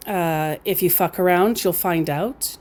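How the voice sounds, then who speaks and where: A woman's voice: fairly low pitch, darkish tone. A woman recounting a chat with a scammer in a casual, amused storytelling manner, often laughing. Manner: slow, amused, reads out quotes with laughs.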